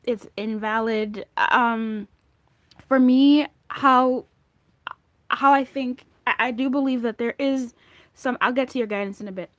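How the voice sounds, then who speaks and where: Woman tarot reader on a casual vlog, slightly high voice, rambling chatty delivery, dry close sound. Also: steady tone, a little slow, no room sound. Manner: chatty, rambling, with frequent tangents and restarts.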